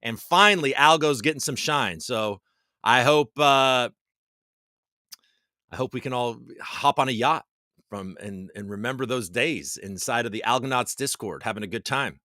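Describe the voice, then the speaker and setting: A man hosting a casual livestream, reading out viewer comments and chatting loosely with shout-outs. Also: mid-range voice, normal speed, no room sound, studio quality. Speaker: livestream host. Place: home basement.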